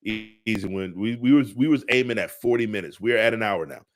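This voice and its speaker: A man co-hosting a casual podcast, talking in an animated way, repeating himself and laughing often. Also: medium pitch, fast talker. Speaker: podcast co-host. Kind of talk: casual chat.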